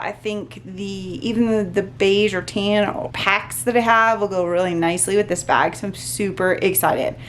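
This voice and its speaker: A woman vlogging a casual unboxing, gushing and excitable, often talking to herself. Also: medium pitch, slight background noise.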